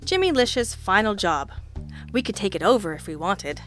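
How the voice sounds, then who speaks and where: A woman's voice: medium pitch, big pitch swings, normal speed, fairly bright tone, soft background music. A woman reading an audiobook, voicing a grim male private investigator who needles and pushes without letting up. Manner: dry, pushing, needling.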